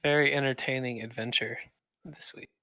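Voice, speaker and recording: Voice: medium pitch, fairly even intonation, normal speed, pushed and bright, slight background noise. A player in a tabletop game, chatting casually and joking with the group.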